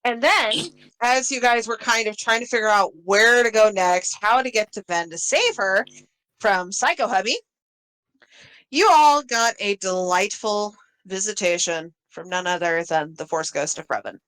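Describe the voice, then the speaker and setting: A woman game master recapping the last session of a tabletop campaign in a relaxed way, laughing often between lines. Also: medium pitch, moderate pace, clean tone, poor audio.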